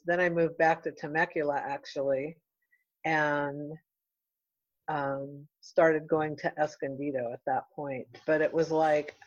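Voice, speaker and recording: A middle-aged woman, a real estate broker, talking in an earnest, heartfelt and halting way as an interview guest. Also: low voice, no room sound, lo-fi sound. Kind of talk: casual interview chat.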